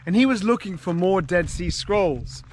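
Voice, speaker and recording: A man working as a tour guide, telling a story outdoors at a desert archaeological site in a lively, animated way. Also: sits high, normal speed, slight background noise. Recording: music playing underneath.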